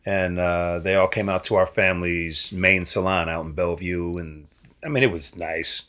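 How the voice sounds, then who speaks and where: A man from Nebraska, a guest actor, telling stories in a casual, animated way and acting out the people he quotes. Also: moderate pace. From Nebraska, USA. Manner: animated, acts out quoted voices with big pitch jumps. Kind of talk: casual storytelling.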